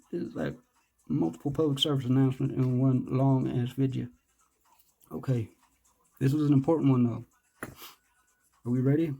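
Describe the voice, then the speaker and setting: A man's voice: mid-range voice, creaky, mellow, breathy edge. A man doing casual, rambling unboxing commentary, joking, hyping himself up and cursing. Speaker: vlogger.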